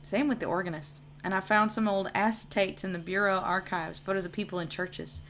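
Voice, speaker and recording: A calm, philosophical church janitor from a quiet narrative game, voiced by a woman reading his lines, talking in a musing, matter-of-fact way. The voice sits at an everyday middle pitch with no put-on edge. A faint hum of room lights sits underneath. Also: a little fast, natural voice. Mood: reflective.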